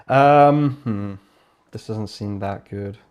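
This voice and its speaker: A young man hosting a casual livestream, thinking aloud as he browses, excitable, laughing often and muttering asides to himself. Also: on the low side, very slow, clean tone. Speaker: host.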